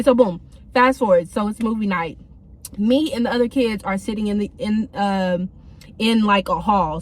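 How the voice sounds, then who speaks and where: A woman's voice: medium pitch, a little hiss or hum. A young woman telling a casual storytime from her car, in a chatty, slangy way with many fillers. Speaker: vlogger.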